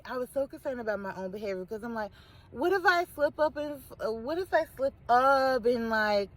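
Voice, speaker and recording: A woman, candidly telling personal stories to the camera with slangy asides. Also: on the low side. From Chicago. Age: 30s. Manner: candid, animated storytelling with slangy asides and laughs. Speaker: vlogger. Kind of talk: casual talk to camera.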